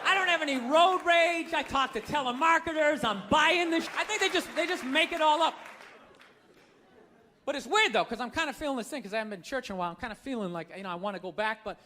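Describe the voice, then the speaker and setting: A man's voice: extremely high pitch, animated, quick pace, bright, forceful tone, a faint crowd, slight background noise. A man doing stand-up comedy, ranting in a profane, incredulous way. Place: stage before a live audience.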